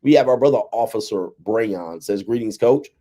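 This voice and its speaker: A man's voice: on the low side, lively intonation, moderate pace, dark tone. A man hosting a casual livestream, talking loosely to his viewers, laughing often and reading out chat messages. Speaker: livestream host.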